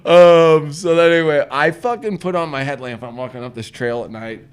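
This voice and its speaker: A man's voice: on the high side, normal speed, clear, resonant tone. A young man from Indiana, a podcast co-host, telling a rambling camp story in casual chat and swearing constantly. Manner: rambling, heavy swearing, acts out his own reactions.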